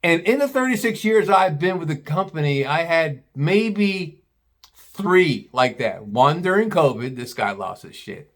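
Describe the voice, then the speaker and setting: A man's voice: on the high side, big pitch swings, a little slow. Profane, rambling older man telling stories. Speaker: retired butcher telling work stories. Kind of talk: casual storytelling.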